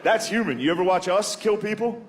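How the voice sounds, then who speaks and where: A man performing crude, casual stand-up comedy in a slightly higher voice. He keeps calling people dude and jumps into loud mock voices. The live recording has a clear layer of noise under it. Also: fairly quick.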